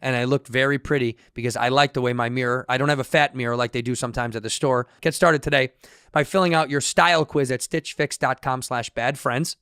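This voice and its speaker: A man's voice: medium pitch, clean tone, no room sound, clean studio sound. A man co-hosting a podcast, joking around and reading ad spots in a casual, playful way. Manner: jokey, puts on loud goofy voices. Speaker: podcast co-host. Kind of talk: casual podcast banter and ad reads.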